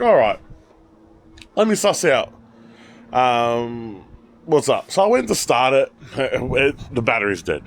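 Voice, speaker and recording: A man's voice: mid-range voice, unhurried. Chatty Australian man showing his cars. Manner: chatty and rambling, animated storytelling. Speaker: channel host. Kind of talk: casual car walkaround vlog.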